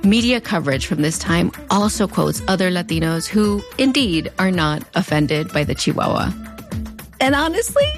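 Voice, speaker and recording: A woman's voice: lowish voice, expressive, moderate pace, hardly any pauses, soft background music. A woman in her thirties or forties with a fronterizo border accent, narrating a commentary in a wry, conversational way with playful asides. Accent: Mexican border (fronterizo). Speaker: video essay host.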